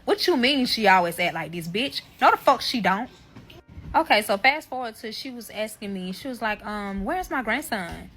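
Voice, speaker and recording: A woman telling a dramatic personal story in a casual, profane, animated way, speaking straight to her viewers. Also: medium pitch, moderate pace, faint music behind.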